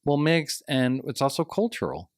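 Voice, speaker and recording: A man co-hosting a podcast in casual chat, talking quickly and emphatically. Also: a little high, sing-song, dry recording, studio quality. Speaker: podcast co-host.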